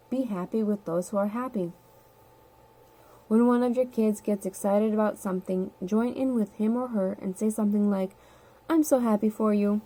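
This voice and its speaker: A woman reading a nonfiction book aloud in a steady, measured, earnest way. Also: mid-range voice. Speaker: audiobook reader. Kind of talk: nonfiction audiobook narration.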